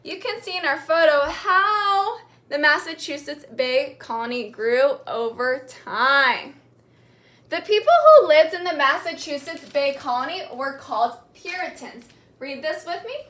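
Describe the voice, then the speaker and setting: Bright-voiced woman teacher, echoey room. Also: high voice. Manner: slow, clear, repeats key words for the class to echo. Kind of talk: classroom lesson with call-and-response reading.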